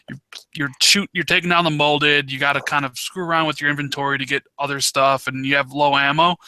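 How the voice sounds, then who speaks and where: A man with a very bright, sharp voice on a gaming podcast, recorded dry and close. He lays out his opinions analytically and often restarts his sentences. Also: mid-range voice, creaky, no room sound. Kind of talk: casual gaming podcast chat.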